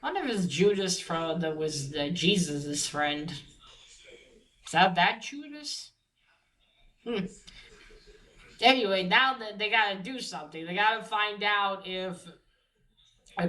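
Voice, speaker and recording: A woman's voice: medium pitch, slow, long pauses, pushed and bright, poor audio. A woman casually recapping a comic book story, swearing freely and retelling each scene with lots of fillers.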